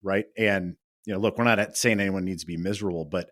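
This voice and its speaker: A man's voice: low-pitched, fairly even intonation, fast talker, a bit bright, no room sound, studio quality. A man hosting a podcast, asking conversational questions loosely and with fillers. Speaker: podcast host. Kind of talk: interview questions.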